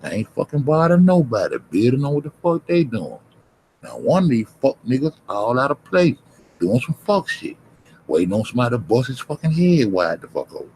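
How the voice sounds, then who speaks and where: A man's voice: mid-range voice, wildly swooping pitch, fairly quick, a little mellow, a little hiss or hum, low-quality recording. Cursing, combative man ranting at his stream chat. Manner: confrontational, heavily cursing, repetitive. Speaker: livestreamer. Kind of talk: profane rant at chat.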